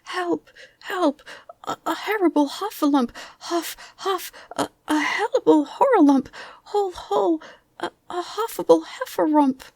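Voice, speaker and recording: A woman doing Piglet, a squeaky frightened little pig. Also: unhurried, creaky, darkish tone, no room sound, heavily acted. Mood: panicked. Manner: squeaky panicked stammering. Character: small timid frightened male piglet.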